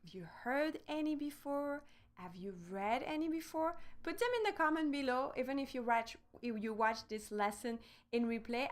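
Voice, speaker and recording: A woman's voice: on the high side, a bit bright. A woman with a French accent, teaching a live online language lesson and spelling words out letter by letter.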